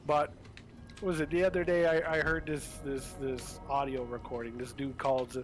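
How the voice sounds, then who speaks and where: A man's voice: medium pitch, little pitch movement, normal speed. A man hosting a livestream, ranting bluntly in casual chat, full of cursing and restarts. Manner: profane, blunt, rambling with restarts. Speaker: livestream host. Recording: game music playing behind. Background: game music.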